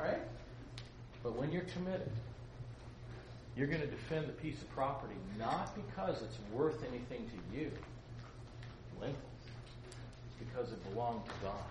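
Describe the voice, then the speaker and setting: A man preaching a sermon to young people, animated and joking, swinging between loud outbursts and soft asides. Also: medium pitch, normal speed, long pauses. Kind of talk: sermon to a youth congregation. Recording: echoey room, faint room noise.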